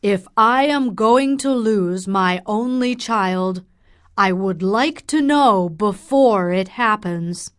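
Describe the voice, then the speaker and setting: A woman's voice: medium pitch, clean tone, close to an everyday voice. A woman reading a stern, grave father. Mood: reproachful. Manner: grave, measured, warning. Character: stern middle-aged father, a doctor.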